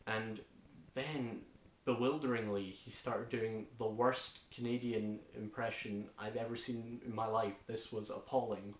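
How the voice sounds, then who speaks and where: A man's voice: fairly low pitch, steady tone, unhurried. A man with a Scottish accent reviewing a wrestling show in a casual, opinionated way, full of enthusiasm and frequent ums. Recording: echoey room.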